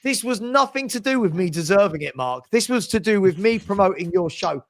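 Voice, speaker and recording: A man's voice: high voice, lively intonation, brisk. A man hosting a casual live watchalong stream, chatty and reading out viewer messages. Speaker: livestream host.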